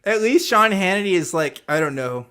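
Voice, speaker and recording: A man's voice: high voice, expressive, brisk, bright, forceful tone, clean tone. A man co-hosting a casual podcast who reads a transcript aloud and mocks it with profanity and laughter. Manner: profane, mocking, laughs between lines. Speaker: podcast co-host.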